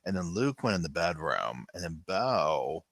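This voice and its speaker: A low-pitched man chats casually on a home livestream, often dropping into soft cooing as he fusses over his puppies. His voice is bright and forceful, and the sound is close and dry. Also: big pitch swings, measured pace, creaky, dry recording. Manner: chatty, coos softly to his puppies. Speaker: livestream host.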